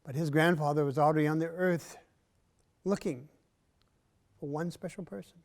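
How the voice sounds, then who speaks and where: A man performing a traditional story in an arts center, measured and unhurried, with long pauses and often dropping to a soft voice. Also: a little high, steady tone.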